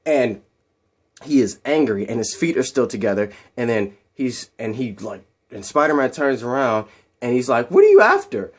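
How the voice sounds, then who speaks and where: A man hosting his channel, excitedly retelling an action story in long, rambling run-on sentences. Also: medium pitch, normal speed. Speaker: channel host. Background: music.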